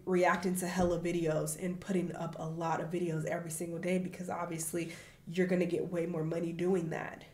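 A woman making online reaction videos, speaking candidly to her viewers in casual slang with swearing. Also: lowish voice. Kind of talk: casual talk to camera. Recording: echoey room.

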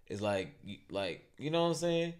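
A man co-hosting a podcast in casual chat, talking low and often trailing into a mumble. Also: big pitch swings, normal speed, clean tone. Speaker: podcast co-host.

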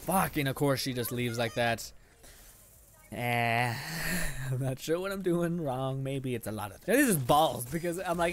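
A man's voice: medium pitch, lively intonation, unhurried, slight background noise. A young man giving casual gameplay commentary, sarcastic and frustrated, swearing often and laughing at his own losses. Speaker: gaming channel host.

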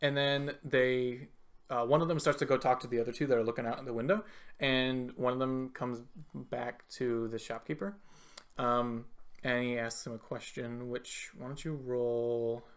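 A game master narrating a tabletop game, talking haltingly with many fillers and restarts. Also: mid-range voice, fairly even intonation.

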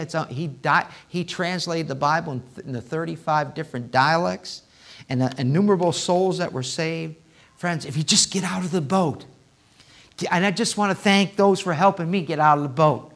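A male pastor preaching a sermon in a church, swinging from hushed asides to loud, impassioned appeals. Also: on the high side. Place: church sanctuary.

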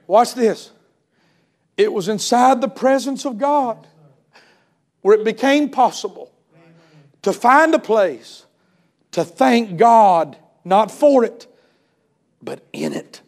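Male preacher, very high voice, impassioned revival sermon, shouts then hushes. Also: lively intonation. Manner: impassioned, swings between shouting and hushed tones; storytelling, retells others' words with drawn-out emphasis. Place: church service.

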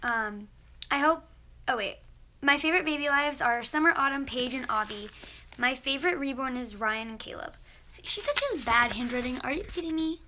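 A woman's voice: high voice, brisk, sharp tone, slight background noise. A teenage girl vlogger opening fan mail, chatty and gushing as she reads letters aloud. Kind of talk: casual mail-opening vlog.

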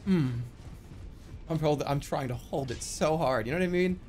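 A man's voice: a little high, normal speed, a little mellow. A man in his thirties streaming a game, ranting and swearing in exasperation as he plays. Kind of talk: live gaming commentary. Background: faint game music.

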